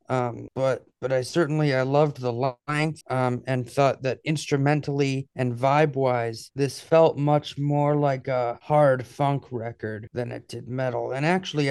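A man's voice: medium pitch, a little mellow, smooth, dry recording. A man co-hosting a podcast in casual chat, laid-back and wryly understated. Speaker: podcast co-host.

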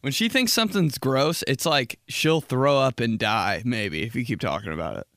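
Young male podcast host, mid-pitch, rambling and crude, dry close-mic sound, casual solo monologue. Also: animated, normal speed, no echo. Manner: rambling, profane, jumps into loud impressions.

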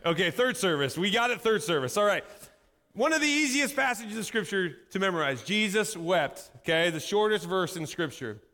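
A man in his thirties preaching a sermon as pastor, shifting from lively delivery to quiet, intense passages. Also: high-pitched, a little fast. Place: church sanctuary. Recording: long hall reverb.

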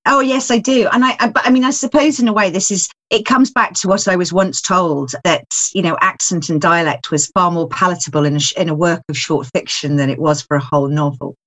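A woman's voice: on the low side, steady tone, a little fast, hardly any pauses, fairly bright tone. A woman writer, a guest in a casual discussion, thinking aloud in a reflective way with many asides. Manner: reflective, thinks aloud, frequent "you know".

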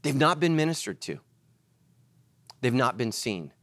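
A man preaching a sermon as pastor, animated, swinging between loud emphatic lines and hushed ones. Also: mid-range voice, a little slow, dry recording.

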